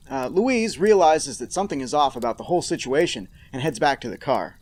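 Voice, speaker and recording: A man's voice: mid-range voice, expressive, fairly quick, few pauses, a little mellow. A man hosting a podcast, recapping a horror episode with sarcastic, mock-outraged asides. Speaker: podcast host.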